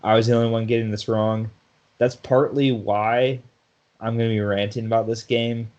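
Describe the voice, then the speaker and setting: A man's voice: on the low side, little pitch movement, normal speed, darkish tone, muffled recording. A man co-hosting a sports podcast in casual chat, talkative, often laughing and restarting his sentences. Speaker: podcast co-host.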